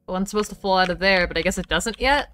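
Bright-voiced woman streamer, swearing. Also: mid-range voice, quick pace. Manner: swears freely, talks to herself while playing. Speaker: game streamer. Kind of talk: casual livestream chat while gaming.

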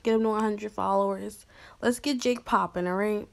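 A woman's voice: medium pitch, fairly even intonation, moderate pace, vocal fry. A woman vlogging casually, replying to fan messages in a playful, slangy, upbeat way and talking straight to her viewers. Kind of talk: casual chatty vlog.

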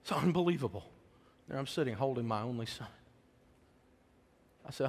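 Middle-aged american guy preaching, folksy, gets loud then goes real soft, mid voice, big hall reverb. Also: mid-range voice, animated, normal speed, pauses often, husky. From United States. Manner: folksy, emotional, swings between loud preaching and soft hush. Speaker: speaker on faith and money. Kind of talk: sermon-style storytelling talk.

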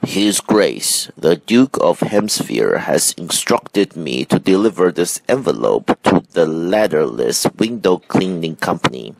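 A man's voice: low voice, very animated, slow pace, gravelly, hardly any pauses, no room sound, heavily acted, rough recording. A man voicing a stiff, formal male chauffeur in a storybook reading, speaking with awe. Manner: formal and awed.

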